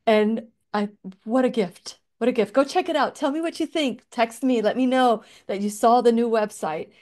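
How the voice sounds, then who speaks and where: A woman's voice: medium pitch, warm tone. A middle-aged woman hosting her own radio show, speaking in a heartfelt, emotional way, with restarts and small laughs. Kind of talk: reflective solo talk.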